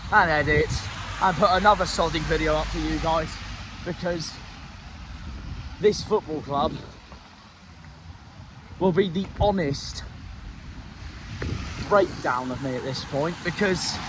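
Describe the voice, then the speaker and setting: A young man with a West Country accent, ranting angrily and swearing after a football loss, recorded outdoors. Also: on the high side. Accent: West Country English. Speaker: football fan vlogger. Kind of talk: angry post-match rant. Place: outdoors in a city street. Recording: outdoor street noise, traffic.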